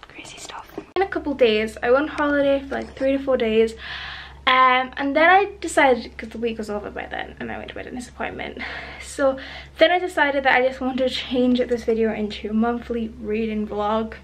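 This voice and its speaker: High-voiced chatty woman. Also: lively intonation, moderate pace, a bit bright. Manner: chatty, bubbly, rambling. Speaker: book vlogger. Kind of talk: chatty vlog.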